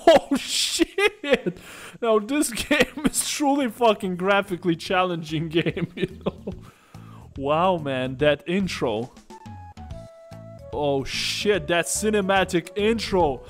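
A man's voice: sits high, lively intonation, slow, soft background music. A man giving casual let's-play commentary while gaming, joking, swearing and laughing often.

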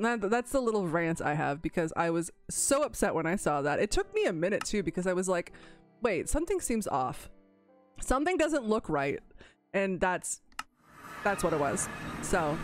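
This is a woman talking casually over her own gameplay as the channel host. Her pitch sits in an ordinary middle range. She chats in an animated way, slipping into playful, dramatic pleading and giggling asides, with faint music behind her. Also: no room sound. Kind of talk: casual let's-play commentary.

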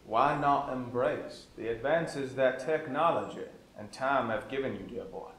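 A man puts on the ghost of an elderly woodsman who speaks in an old-fashioned accent and lectures like a stern grandfather. His voice sits at a middle pitch, and it rings in an echoey room. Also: unhurried, fairly bright tone. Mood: lecturing. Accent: put-on old-fashioned accent. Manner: old-fashioned, lecturing, says "dear boy".

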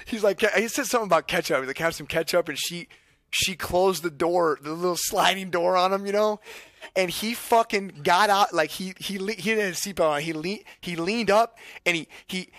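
Bright-voiced man telling a wild story. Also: high voice, normal speed, no room sound, studio quality. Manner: excited, laughing, profane, many restarts. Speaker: streamer. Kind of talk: casual storytelling.

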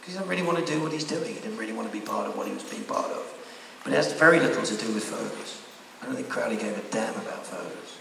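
A man's voice: medium pitch, rapid-fire, creaky, few pauses, sharp tone, distant mic, a little hiss or hum. A man, an actor, answering fan questions at a convention panel in a wry, rambling, candid way. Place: large convention hall. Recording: echoey hall heard from afar.

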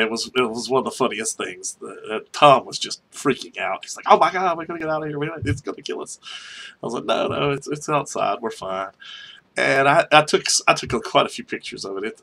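Husky, bright-voiced rambling male storyteller. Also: medium pitch. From North Carolina. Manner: rambling, many restarts, chuckles through stories. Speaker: archaeologist telling field stories. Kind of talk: casual spoken memoir storytelling.

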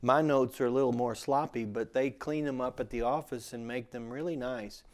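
A man's voice: medium pitch, fairly even intonation, moderate pace. Male Bible teacher, mid-range voice, casual sermon delivery with frequent restarts. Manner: conversational, restarts often, emphatic when quoting scripture.

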